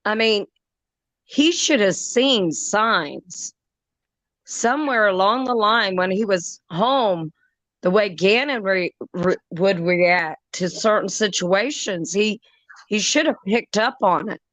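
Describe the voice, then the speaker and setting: Earnest woman giving her take, slow talk, dry close sound. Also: medium pitch, fairly bright tone, no room sound. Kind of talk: casual chat.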